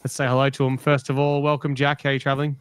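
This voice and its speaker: A man's voice: mid-range voice, monotone, rapid-fire, clean tone, no echo. An Australian man hosting a casual live podcast, teasing and joking with his panel. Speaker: podcast host. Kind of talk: casual live-stream chat.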